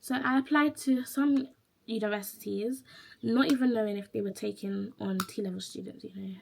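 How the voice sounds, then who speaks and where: Woman in her twenties, gravelly. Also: medium pitch, slight background noise. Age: 20s. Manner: chatty, quoting her own past thoughts, emotional in places. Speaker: vlogger. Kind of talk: casual diary-style vlog.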